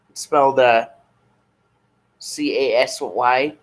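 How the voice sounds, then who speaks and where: A man's voice: medium pitch, fairly even intonation, low-quality recording. A man in his thirties hosting a live stream, chatting casually and rambling at an easy pace. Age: 30s. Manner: rambling, easygoing, slow when reading names aloud. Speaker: streamer host.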